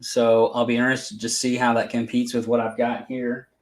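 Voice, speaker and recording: A man's voice: mid-range voice, level tone, normal speed. Teasing man in an echoey room. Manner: laughing storyteller, teasing. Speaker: co-host. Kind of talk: casual chat.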